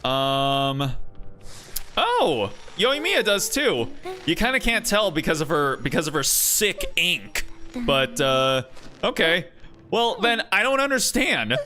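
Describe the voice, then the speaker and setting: A man's voice: fairly high pitch, very animated, slow pace, sharp tone, soft background music. A young man streaming a game, chatting casually in a laid-back, rambling way. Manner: rambling, laid-back, with many fillers and restarts. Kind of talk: casual chat while gaming.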